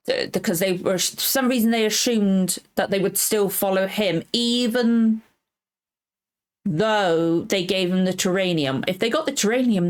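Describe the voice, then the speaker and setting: A woman hosting a reaction channel, chatting casually and rambling, correcting herself, close to tears. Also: medium pitch. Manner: rambling, self-correcting, emotional. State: tearful. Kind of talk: casual recap chat.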